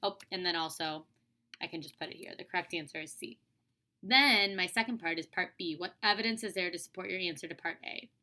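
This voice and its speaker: Young woman teacher, chatty read-aloud lesson, bright clear voice. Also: on the low side, brisk. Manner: casual, chatty, lots of "like" and "um". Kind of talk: reading aloud and explaining a lesson.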